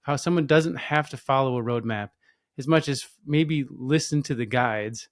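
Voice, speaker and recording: A man's voice: medium pitch, moderate pace, dry recording. Guy hosting a podcast, friendly and encouraging, dry close sound. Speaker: podcast co-host. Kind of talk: podcast interview.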